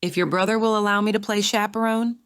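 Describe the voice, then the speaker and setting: A woman's voice: medium pitch, fairly even intonation, quick pace, clear, resonant tone, dry recording, clean studio sound, voice pushed up, close to an everyday voice. Woman reading a gracious, tactful young woman. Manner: warm, polite. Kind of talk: audiobook character reading.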